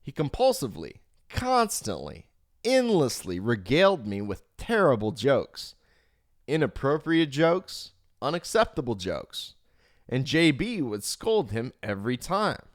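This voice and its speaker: Guy reading an audiobook, super animated pitch, dry close mic. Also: measured pace, dry recording. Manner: expressive, swings pitch for emphasis. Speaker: audiobook reader. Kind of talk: audiobook narration. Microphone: home microphone, live stream.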